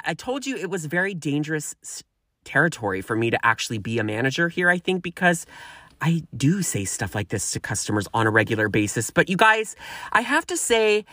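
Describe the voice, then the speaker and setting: A podcast host tells a work story as a profane, animated rant, talking straight to the listeners. The voice swings widely up and down in pitch. It is recorded close on the mic and sounds dry, with no room echo. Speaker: podcast host and restaurant manager.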